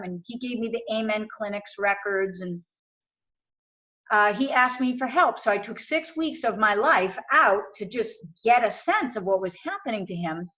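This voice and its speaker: Casting: American woman, higher voice, animated storyteller, lo-fi audio. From USA. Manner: animated retelling with quoted dialogue. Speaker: interview guest. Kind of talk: casual storytelling. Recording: muffled lo-fi audio.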